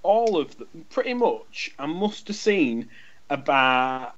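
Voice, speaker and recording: A man's voice: on the high side, very animated, slow, fairly bright tone, muffled recording. A man, co-hosting a podcast and telling a rambling anecdote in casual chat, swearing freely and acting out both sides of a conversation. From England. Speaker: podcast co-host.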